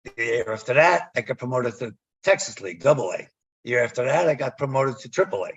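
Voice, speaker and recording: Guest spot: husky male storyteller, animated, dull lo-fi line. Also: medium pitch, fast. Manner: animated storyteller, acts out quoted dialogue. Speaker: guest, former umpire. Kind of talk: storytelling in a podcast interview.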